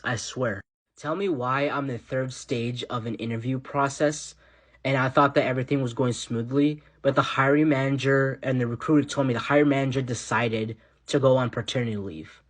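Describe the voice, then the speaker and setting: Exasperated young man ranting. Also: medium pitch. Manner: exasperated, swearing, slangy. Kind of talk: casual rant to camera.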